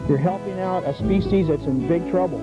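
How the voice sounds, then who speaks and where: A middle-aged man hosts an outdoor nature show, leading a group of scouts along a birdhouse trail and coaching them in an enthusiastic, teacherly way. His voice sits high and moves a little fast, with loud music playing behind him. The audio is dull 1990s public access TV sound with faint noise.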